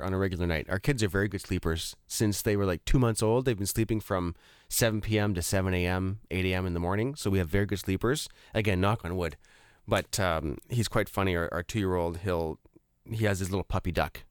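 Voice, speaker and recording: A man's voice: low voice, smooth, no room sound, clean studio sound. A man, hosting a real estate talk show in a chatty way, with many fillers and restarts. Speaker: radio show host. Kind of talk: casual chat.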